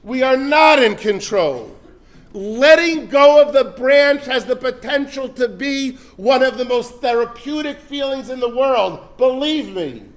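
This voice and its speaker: A man, a rabbi, lecturing parents in a storytelling style, sprinkling religious terms into plain talk and swinging between loud urgent peaks and soft asides. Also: very high-pitched, measured pace. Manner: animated, builds to loud urgent peaks then drops soft. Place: synagogue hall before an audience.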